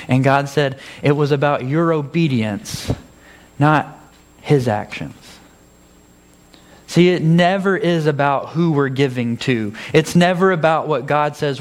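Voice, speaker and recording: A man preaching a conversational sermon, acting out his own exchanges with God and laughing at his own stories. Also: mid-range voice. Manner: acts out dialogues with God in changed voices.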